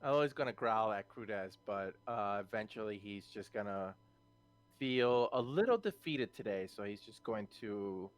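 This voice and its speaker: A man's voice: lowish voice, expressive, moderate pace. A man playing a tabletop game, describing his character's actions hesitantly as he thinks aloud. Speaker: player. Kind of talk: casual table talk.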